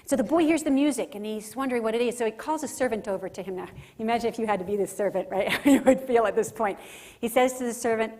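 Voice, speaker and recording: Animated woman giving a faith lecture. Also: on the high side, fast. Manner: animated, acts out scenes, frequent "right?". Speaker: conference speaker. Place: conference center.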